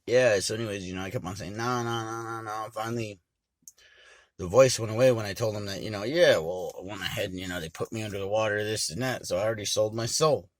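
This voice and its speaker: A man from Montana casually telling a rambling, profane story and getting loud and animated when he quotes people. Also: lowish voice, quick pace, no echo. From Montana, United States.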